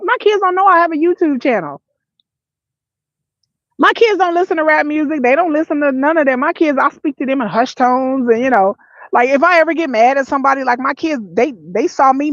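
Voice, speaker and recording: A woman's voice: high-pitched, no room sound, lo-fi sound. A middle-aged woman from the Detroit area talking candidly to camera, telling stories with many restarts and voiced asides. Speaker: vlogger. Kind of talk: casual talk to camera.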